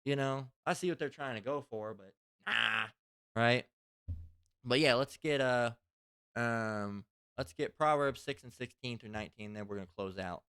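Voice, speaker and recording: Smooth-voiced man giving a rambling religious lesson. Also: medium pitch, normal speed, a bit bright, dry recording, clean studio sound. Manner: rambling, profane, conversational. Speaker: religious teacher. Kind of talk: casual spoken scripture lesson.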